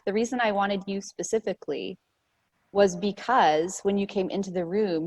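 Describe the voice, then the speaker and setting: An earnest woman talks on a video call, heartfelt and loose with her words. Her voice sits at a middling pitch for a woman. She strings thoughts together with plenty of casual fillers. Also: darkish tone. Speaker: casting director and show host. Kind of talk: casual panel chat.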